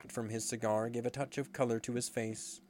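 A man reading a storybook aloud in a measured, expressive way. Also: medium pitch. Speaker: narrator.

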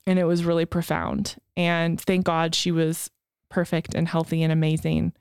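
A woman's voice: deep voice, monotone, moderate pace, gravelly, a little mellow, clean tone, dry recording, studio quality. A woman in her thirties telling a personal story as a podcast co-host, frank and emotional, swearing casually.

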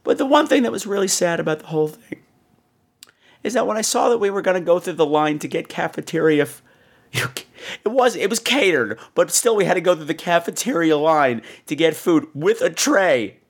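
A man hosting a podcast, telling a story in a theatrical, animated way, full of crude jokes and acted-out voices. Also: moderate pace. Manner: acts out quoted people in higher voices. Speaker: podcast host. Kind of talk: casual storytelling.

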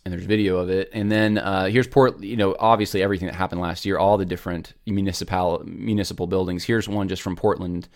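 A man's voice: low-pitched, steady tone, quick pace, hardly any pauses. A man hosting a casual commentary show, earnest and rambling with many restarts.

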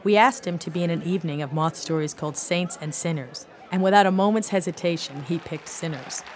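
A woman radio host giving scripted, measured introductions. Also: on the low side, a little mellow, a faint crowd, a little hiss or hum.

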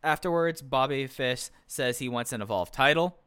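A man's voice: medium pitch, moderate pace, fairly bright tone, smooth, no echo. A man co-hosting a podcast, chatting casually and with strong opinions, often restarting his sentences. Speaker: podcast co-host. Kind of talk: casual chat reviewing a wrestling show.

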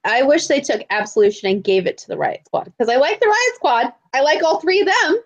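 A woman's voice: high voice, expressive, a little fast, highs cut off. A woman co-hosting a casual chat podcast, chiming in with dry, sarcastic and playful asides. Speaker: podcast co-host.

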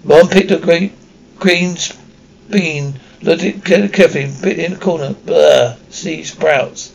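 A man's voice: a little high, a little slow, gravelly, a little hiss or hum, rough recording. A man reading a children's fantasy novel aloud as audiobook narration, stumbling and restarting often. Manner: reads with frequent slips and restarts. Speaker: audiobook reader.

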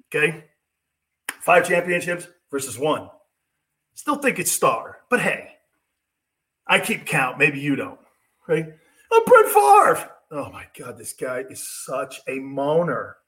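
A man's voice: on the high side, sharp tone. A middle-aged man hosting a sports talk show, brash and mocking as he rants about quarterbacks. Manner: brash, mocking, puts on whiny impressions. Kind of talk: opinionated sports talk monologue.

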